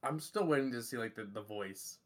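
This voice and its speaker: A man's voice: mid-range voice, brisk. A man guesting on a casual podcast chat with a playful, joking manner. He likes to play up silly bits for laughs.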